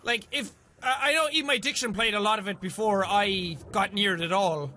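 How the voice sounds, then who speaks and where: Excitable young male gamer, very high bright voice, swears a lot, talks to the game. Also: moderate pace. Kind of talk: let's play commentary.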